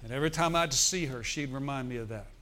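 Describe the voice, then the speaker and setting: A man's voice: medium pitch, fast talker, sharp tone, slight background noise. A middle-aged male pastor preaching a sermon in a church, telling a story with emphatic bursts.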